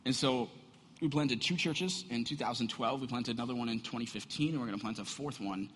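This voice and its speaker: A man preaching a sermon as a pastor, animated and conversational, often asking the congregation rhetorical questions. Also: medium pitch, fairly quick, slight background noise. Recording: echoey hall.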